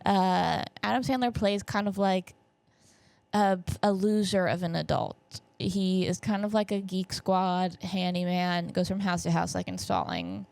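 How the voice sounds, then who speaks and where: A woman in her twenties hosts her own podcast, rambling casually about movies in a solo recap full of fillers and asides. Her voice is lowish, animated and a little mellow with vocal fry, her pace unhurried and her nose a bit stuffy. She records on a camera setup.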